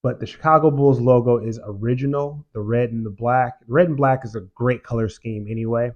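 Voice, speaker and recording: A man's voice: medium pitch, steady tone, brisk, dull audio. A man hosting a show, giving casual, opinionated commentary in an emphatic way and repeating phrases for effect. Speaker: show host.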